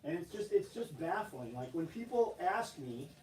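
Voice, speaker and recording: A man's voice: on the high side, big pitch swings, moderate pace, a little mellow, slight background noise. A man hosting a casual livestream about gear, talking bluntly with lots of swearing and angry rants. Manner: profane, blunt, swings between rambling and angry ranting. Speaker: livestream host selling tactical gear.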